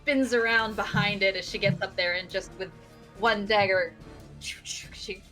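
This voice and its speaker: Female player, unhurried and hesitant, faint music bed. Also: medium pitch, steady tone, sharp tone, low-quality recording. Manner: hesitant, thinking aloud. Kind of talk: tabletop game play.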